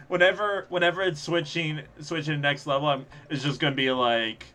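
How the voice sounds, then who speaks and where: A young man giving live, sarcastic gameplay commentary as he streams, reacting fast and laughing at his own mishaps. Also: on the high side, animated, bright, forceful tone, faint music behind. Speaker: streamer playing a level contest.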